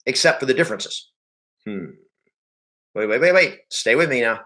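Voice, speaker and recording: A man's voice: mid-range voice, expressive, normal speed, long pauses, pushed and bright. A man coaching real estate agents, emphatic and repeating his points, acting out the talk with clients. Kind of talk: motivational sales training talk.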